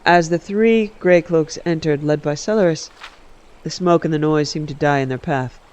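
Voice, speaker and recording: A man casually reading a story aloud, relaxed and correcting his own slips. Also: a little high, normal speed, clean tone. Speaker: game streamer reading an in-game book. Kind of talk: casual read-aloud narration.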